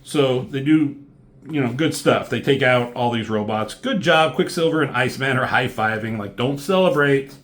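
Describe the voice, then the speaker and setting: A man's voice: mid-range voice, moderate pace, a bit bright. A man giving a casual, rambling comic book review, full of ums and likes, swearing freely.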